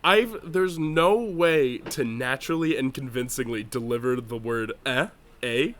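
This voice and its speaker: A man's voice: mid-range voice, measured pace. A young man co-hosting a comedy podcast, chatting casually and jokingly with friends. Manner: animated, jokey, puts on silly voices. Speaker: podcast co-host.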